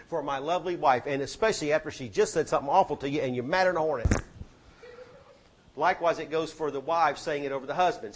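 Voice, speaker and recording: A man preaching a sermon, exhorting the congregation and rising to loud peaks. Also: on the high side, fast. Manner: exhorting, swings to shouting peaks.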